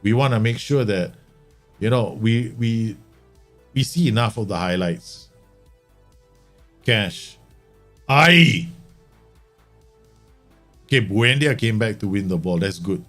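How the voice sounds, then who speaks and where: Male game streamer, lowish voice, excitable live match commentary, faint background music. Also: moderate pace. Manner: animated, exclaiming and grumbling at the match. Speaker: streamer playing a football management game.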